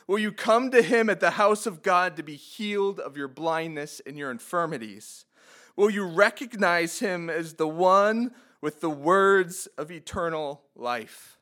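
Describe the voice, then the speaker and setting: His voice high and a bit bright, this man preaches at a measured pace, reading scripture and asking his listeners earnest rhetorical questions, with mounting fervor on the quoted cries.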